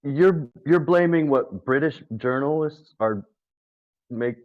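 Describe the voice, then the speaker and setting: A man's voice: mid-range voice, takes it slowly. A man in a casual online debate who challenges the others and keeps pressing them for specifics. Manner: probing, challenging questions. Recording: dull lo-fi voice line.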